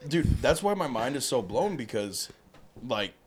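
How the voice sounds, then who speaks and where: A man telling profane, animated stories in a casual podcast chat, acting out other people's voices. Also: mid-range voice, a little slow, slightly rough. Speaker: podcast guest. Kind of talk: casual storytelling.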